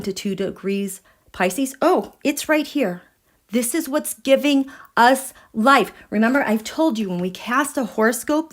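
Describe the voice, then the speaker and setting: A woman hosting a live tarot and astrology stream, gushing with excitement, sometimes dropping to a breathy whisper and chatting with her viewers. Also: medium pitch. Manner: checks in with viewers and reads their comments. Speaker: tarot and astrology livestream host.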